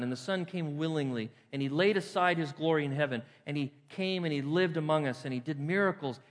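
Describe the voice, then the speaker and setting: A man preaching a Sunday sermon as pastor, building to emphatic peaks and dropping to a soft, quiet prayer. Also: on the high side, big-room sound. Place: church sanctuary.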